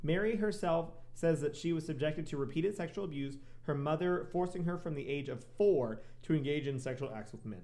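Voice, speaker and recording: A man's voice: a little high, fairly quick, hardly any pauses, mellow. Laughing man co-hosting a podcast. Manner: laughs often, joking asides between read facts. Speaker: podcast co-host telling a true crime story. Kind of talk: casual podcast chat, reading case notes.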